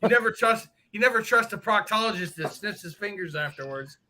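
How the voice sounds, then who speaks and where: Bright high-voiced joking man. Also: lively intonation, fairly quick. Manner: profane, joking storyteller who laughs often. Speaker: host of a live motorcycle stream. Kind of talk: casual live-stream chat and storytelling.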